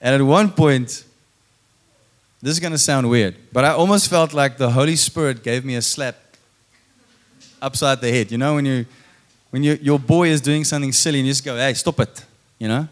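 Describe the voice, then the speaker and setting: A man in his thirties giving a sermon as personal testimony. His delivery is animated, with his voice rising and falling as he acts out his own thoughts and prayers. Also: mid-range voice, moderate pace. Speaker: preacher.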